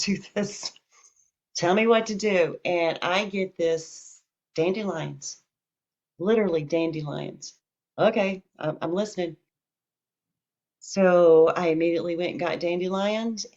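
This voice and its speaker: A woman with a lower voice tells her own story over a dull, lo-fi recording. She talks casually and frankly. She acts out the people in the story as she goes. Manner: candid, animated retelling with quoted dialogue. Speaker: podcast host telling her story. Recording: dull lo-fi audio.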